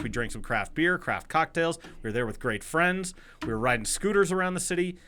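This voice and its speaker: Man in his forties, bright forward tone, animated storyteller who curses casually on a chat podcast. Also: medium pitch, a little hiss or hum. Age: 40s. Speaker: podcast co-host.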